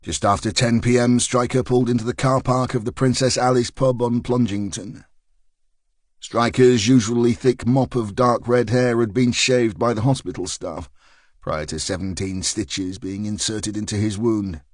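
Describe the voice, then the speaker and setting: A man with a mid-range voice gives a steady, measured scripted narration of a mystery thriller audiobook. The recording is dry and of studio quality.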